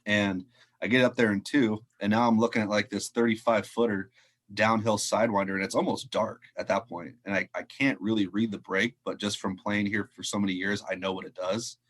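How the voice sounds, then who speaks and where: A man with a fairly low voice tells a story in a relaxed, chatty way. He is a golf professional talking on a video call, and he acts out the quotes with lively energy and frequent laughter. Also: a little fast. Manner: animated storyteller acting out quotes, laughs often. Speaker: head golf professional, podcast guest. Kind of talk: casual storytelling in an interview.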